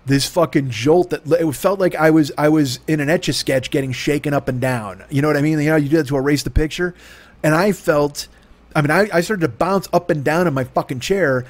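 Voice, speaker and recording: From his home desk, a podcast host with a voice on the high side tells a rambling comic story packed with swearing. He speaks fairly quickly, with no room sound.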